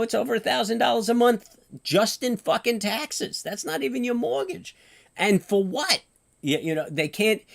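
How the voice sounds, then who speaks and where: A man, ranting profanely in casual chat as a trading stream host, jumping from loud outbursts to low muttering. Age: late 40s.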